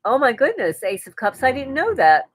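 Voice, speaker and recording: A woman's voice: sits high, sing-song, normal speed, no room sound, low-quality recording. A woman hosting a casual live stream, reading viewers' comments aloud and answering them in a chatty way. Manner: chatty, with frequent restarts and light laughter.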